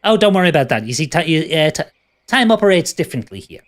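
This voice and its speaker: A man's voice: a little high, very animated, fast. A man voicing a smug, matter-of-fact male jailer in a tabletop game.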